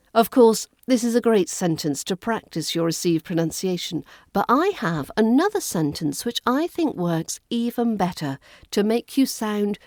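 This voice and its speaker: A woman with a British RP accent hosting a podcast pronunciation lesson, modelling sounds slowly and deliberately. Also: mid-range voice, darkish tone, no echo, clean studio sound. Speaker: accent coach and podcast host.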